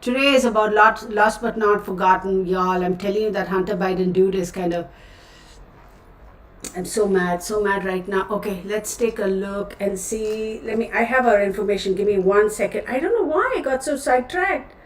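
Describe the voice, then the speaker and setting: A woman with a Texan accent talks casually to her livestream viewers, with frequent asides and self-corrections. She sits a little back from the mic in a roomy space, so her voice picks up some echo. Her pitch sits in an ordinary middle range. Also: moderate pace, distant mic. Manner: chatty, self-interrupting, addresses viewers as y'all. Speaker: tarot reader, channel host.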